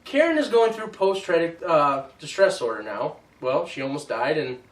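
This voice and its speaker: A man hosting a casual movie review chat, animated and teasing. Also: fairly high pitch, moderate pace. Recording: roomy echo, mic at a distance.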